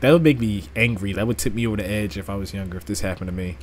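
A man's voice: fairly low pitch, rapid-fire, background noise. A man streaming a casual reaction, rambling and repeating himself as he tells stories and laughs along.

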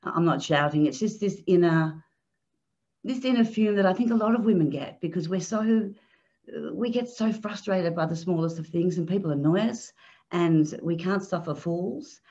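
Low-voiced woman on a dull video call. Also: moderate pace. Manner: animated, self-mocking, addresses others as "love". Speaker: author guest. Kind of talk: casual video-call conversation.

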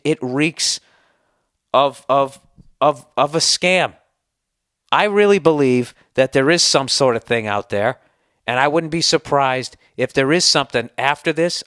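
A man's voice: on the high side, a bit bright, no echo, clean studio sound. A man hosting a solo podcast, answering listener email in a heated, sarcastic, profane rant. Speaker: podcast host.

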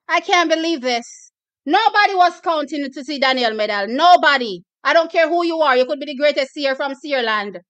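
A Jamaican woman hosting a live watch-party stream, her voice pitched very high with a sharp, bright edge. She reacts excitably, bursting into shouts and laughter and dropping into patois. The sound is close and dry. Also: no echo, muffled recording. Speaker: watch-party livestream host.

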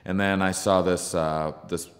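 A comedian being interviewed, telling a story in a halting, searching way with many ums and restarts. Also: male voice, low voice, little pitch movement. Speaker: podcast guest, comedian. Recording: long reverb from the room.

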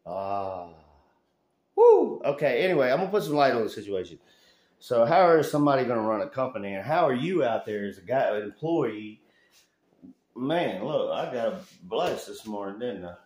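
A man from Alabama, vlogging casually about his renovation work with a rambling, folksy manner that swings into loud rants. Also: medium pitch, animated, a little fast. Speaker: handyman vlogger. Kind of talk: casual vlog chat. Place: house under renovation, indoors. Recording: echoey room.

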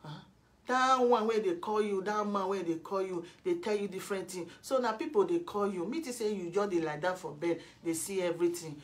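A woman's voice: mid-range voice, a little fast. Nigerian lady in her middle years telling someone off on her vlog, pidgin accent, preachy and combative, plain mid voice. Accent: Nigerian Pidgin English. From Edo State, Nigeria. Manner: confrontational, lecturing, many rhetorical questions. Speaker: vlogger. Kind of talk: scolding monologue to a rival.

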